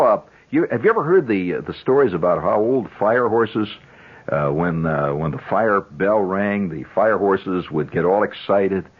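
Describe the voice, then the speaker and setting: A man's voice: on the low side, breathy edge. A man in his fifties, a radio host telling a long, rambling story in a conversational way with chuckling asides. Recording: dull 1970s radio broadcast.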